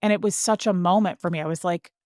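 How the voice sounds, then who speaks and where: A woman's voice: fairly low pitch, fairly even intonation, quick pace, darkish tone, dry recording, clean studio sound. A woman guest telling a personal story in a casual, earnest way, full of "like" fillers. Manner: earnest and emotional when recounting. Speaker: podcast guest.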